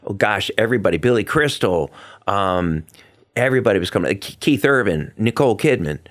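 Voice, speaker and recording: Man, middle-aged, lower voice, lively storyteller, casual interview guest. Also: a little fast. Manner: animated storyteller, acts out quotes in a raised voice. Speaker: podcast guest, Broadway performer.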